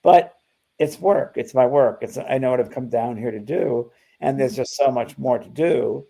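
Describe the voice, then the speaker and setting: An older man speaks in a relaxed, mellow tone with a gravelly edge. He tells a spiritual story in loose, unscripted talk, often stumbling and restarting mid-sentence. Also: mid-range voice, moderate pace. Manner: storytelling with many restarts and fillers. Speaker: spiritual medium, co-host. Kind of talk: casual spiritual conversation.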